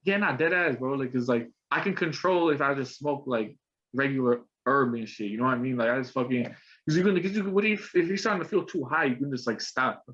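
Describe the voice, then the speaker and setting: A man's voice: medium pitch, brisk, a bit bright. A young man talking casually on a podcast, rambling with lots of slang and filler words. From Colombian roots. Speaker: podcast host. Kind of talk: casual chat. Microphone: video call. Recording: muffled video call audio.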